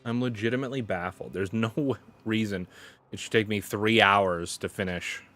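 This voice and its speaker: Soft music plays in the background as this gaming streamer, a man with a lowish, slightly bright voice, speaks at a normal speed. He's sweating in the heat and sounds exasperated, muttering and swearing through his live gameplay commentary while putting himself down.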